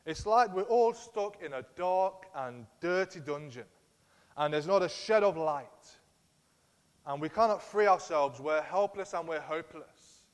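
A man's voice: fairly high pitch, expressive, unhurried. A man preaching a sermon in an earnest, emphatic way, speaking in a church hall. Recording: long reverb of a large hall.

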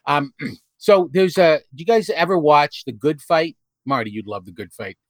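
A man's voice: fairly high pitch, sing-song, dry recording. Rambling man hosting a group chat. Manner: rambling, halting with many restarts and fillers. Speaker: podcast host. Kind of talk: casual group chat over video call.

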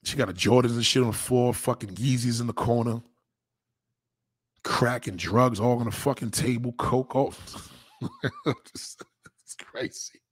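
A man's voice: medium pitch, a little slow, pauses often, husky, no echo, clean studio sound. A man hosting a casual streamed chat, talking in a crude, rambling way full of street slang. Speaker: host.

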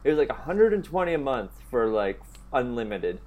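A young man from Canada tells a story with heavy cursing and lots of acted-out dialogue. His voice sits at an ordinary middle pitch. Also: a little fast, phone-quality sound. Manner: profane, animated storytelling, mimics other voices. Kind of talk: casual chat.

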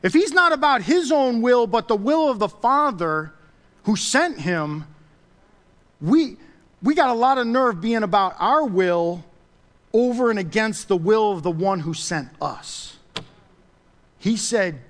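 A man preaching a sermon as pastor, pressing his points by repeating them, then praying softly. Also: expressive, measured pace. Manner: emphatic, repeats key phrases; drops to a soft low voice for prayer.

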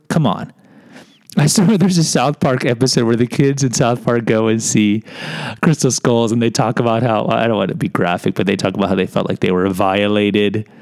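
A man's voice: fairly low pitch, gravelly, a little mellow, no echo, poor audio. A man in his fifties telling a rambling personal story, digressive, wry and self-mocking.

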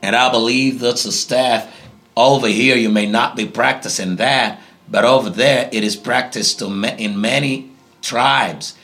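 A man's voice: medium pitch, steady tone, measured pace, vocal fry, bright, forceful tone. A man from Africa, a pastor answering interview questions in a preaching tone, emphatic and fond of repeating key phrases. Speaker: guest pastor.

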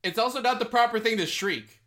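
A man's voice: very high voice, fairly quick, fairly bright tone. A man playing in a tabletop game, joking casually with the group. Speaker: player.

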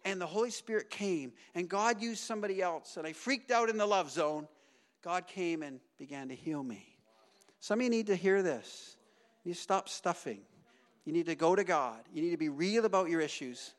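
A middle-aged man preaching a sermon as pastor, swinging between loud emphatic bursts and hushed, low asides. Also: normal speed.

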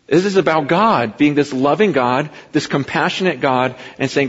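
A man delivers a sermon in a plain, mid-pitched voice, talking to the congregation as if chatting with them. The audio is slightly dull, and his words trail off into the long reverb of a large hall. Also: moderate pace, hardly any pauses, slightly rough. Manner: conversational preaching, rising to impassioned emphasis. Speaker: pastor.

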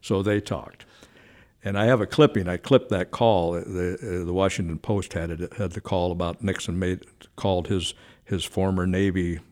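Deep-voiced older man telling stories. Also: a little mellow. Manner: chatty, frequent self-corrections and fillers. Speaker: former White House switchboard operator. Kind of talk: anecdotal storytelling in an interview.

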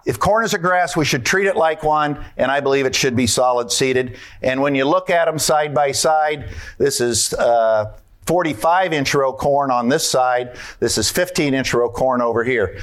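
A man's voice: medium pitch, normal speed. A man giving a folksy conference talk on farming, asking the audience questions and walking through his slides.

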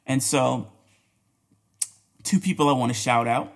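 Male podcast host, solo commentary, emphatic, repeats his points, mid-pitched voice. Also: fairly even intonation, measured pace. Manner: emphatic, repeats key phrases, laughs between points.

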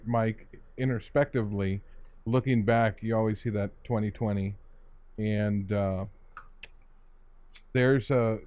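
A man's voice: medium pitch, dry recording. Reflective man, dull dry sound. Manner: reflective, measured, restarts phrases. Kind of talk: casual discussion.

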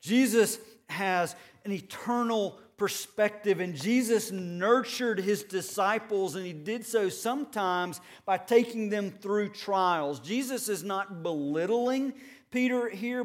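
A man preaching a sermon, earnest and measured, building points with rhetorical questions and repeated phrases. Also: high voice. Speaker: pastor.

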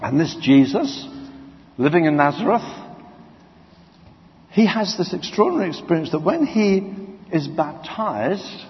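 Male preacher, fairly high voice, animated storyteller, dull lo-fi sound with long reverb. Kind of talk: sermon.

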